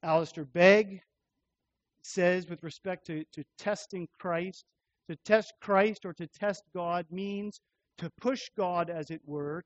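Pastor, male, fairly high voice, measured expository sermon delivery, dull lo-fi recording. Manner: measured expository preaching, repeating phrases for emphasis.

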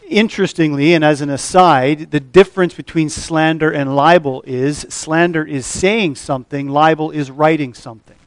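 A man's voice: a little high, no echo. Man preaching a careful expository sermon. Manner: measured expository preaching with frequent uh fillers. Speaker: pastor.

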